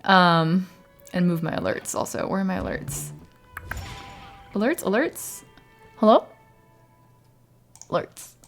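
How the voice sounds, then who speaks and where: Chatty woman streamer with a lively voice. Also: slow pace, long pauses, soft background music. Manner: chatty, thinks aloud, switches into Mandarin at times; laughs often, bursts into high excited yelps. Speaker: variety streamer. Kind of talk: casual live-stream chat.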